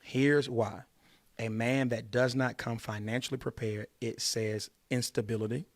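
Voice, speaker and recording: A man hosting a casual podcast, laying down dating rules with emphasis. He hammers his points home by repeating words over and over. His voice is mid-pitched and sounds dry and close to the mic. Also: level tone, a little slow, no room sound. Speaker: podcast host giving dating advice.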